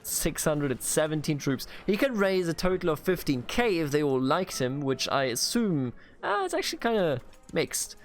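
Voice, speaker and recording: A man's voice: fairly high pitch, sing-song, moderate pace, few pauses, soft background music. A man from Bavaria in Germany commentating a strategy game let's play, playful and mock-grandiose as he talks to the characters on screen. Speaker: gaming video host.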